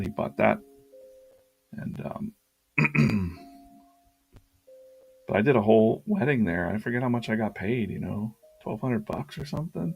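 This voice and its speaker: A man's voice: lowish voice, vocal fry, husky. A man hosting a live drawing stream, telling a long anecdote in a casual, rambling way with lots of fillers and restarts.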